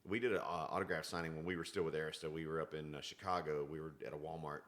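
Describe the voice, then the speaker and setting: A man's voice: extremely low pitch, racing. A man, a country singer guest telling stories in a casual podcast chat and acting out what people said. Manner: animated storyteller, acts out quoted exchanges.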